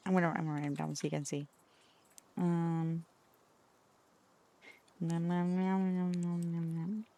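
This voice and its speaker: A woman's voice: on the low side, flat delivery, a little slow, dark tone. A woman streaming as a VTuber, chatting casually and playfully with her viewers in a teasing, talkative way.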